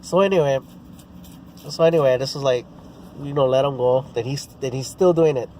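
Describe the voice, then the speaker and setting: A man's voice: medium pitch, a little fast, mellow, slight background noise. A man telling a rambling story in casual vlog style, with many restarts and fillers. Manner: rambling, full of restarts and "you know, bro". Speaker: sports vlogger.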